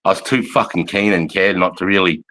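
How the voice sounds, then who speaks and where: An Australian man in his forties, talking in a somewhat low voice. He tells army stories in a loose, rambling way, swearing constantly. He breaks into laughter often. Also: fairly even intonation, brisk, pushed and bright. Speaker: army veteran telling war stories. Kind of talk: casual storytelling chat.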